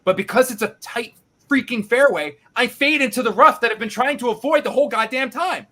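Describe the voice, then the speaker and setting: A male podcast host telling a casual, animated story, swearing freely and acting out his own reactions. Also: extremely high pitch, fairly quick.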